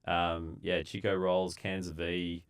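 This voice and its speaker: A man's voice: low-pitched, slow pace, clean tone. A man, a civil engineer telling laid-back stories from his site days as a podcast guest, acting out what people said. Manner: laid-back, relaxed storyteller who acts out quotes. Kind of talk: casual storytelling.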